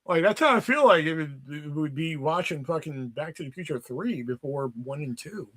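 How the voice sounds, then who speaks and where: A man in his thirties hosting a casual livestream, rambling and swearing as he tells animated stories. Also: fairly high pitch, moderate pace. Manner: rambling, profane, animated storytelling. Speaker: livestream host.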